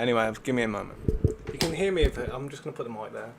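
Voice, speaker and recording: A man's voice: medium pitch, rapid-fire, vocal fry, few pauses, a little hiss or hum. A man streaming from home, chatting casually into a desk mic in a rambling, slangy way. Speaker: gaming streamer. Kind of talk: casual live-stream chat. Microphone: desk microphone.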